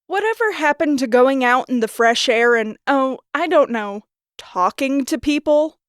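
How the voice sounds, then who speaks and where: A man voicing a sharp, determined young woman detective with a dry, teasing edge. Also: extremely high pitch, expressive, unhurried, clear, resonant tone, no room sound, pitched above the performer's own voice, heavily acted.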